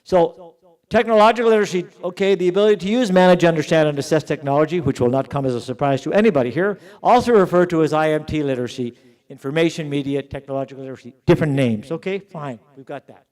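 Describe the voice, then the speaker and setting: A middle-aged man giving a conference keynote, emphatic, slowing down and repeating words to stress his points. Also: on the high side, a little mellow. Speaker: keynote speaker at an education summit. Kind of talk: conference speech.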